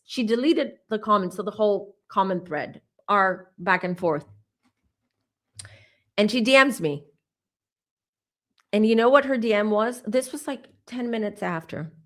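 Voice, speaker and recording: A woman in her forties hosting a psychic channel, telling a personal story in a chatty, animated way with asides to her viewers. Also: fairly high pitch. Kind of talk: casual storytelling to camera.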